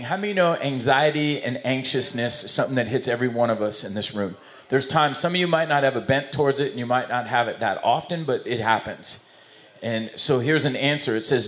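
Man, pastor, sermon, chatty and rambling, mid-pitched voice. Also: a little fast, fairly bright tone. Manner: conversational, rambling, self-correcting. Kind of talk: sermon with jokes. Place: church service before a congregation.

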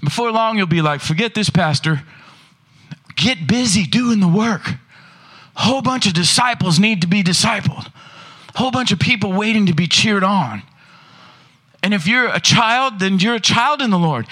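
A man pastor preaching a lively sermon in a church, throwing rhetorical questions at the congregation. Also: high voice, moderate pace.

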